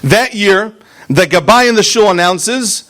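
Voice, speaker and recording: A man, a rabbi, preaching a fiery sermon, punching out single words and then dropping to quiet asides. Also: high voice, animated, a little slow. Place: synagogue.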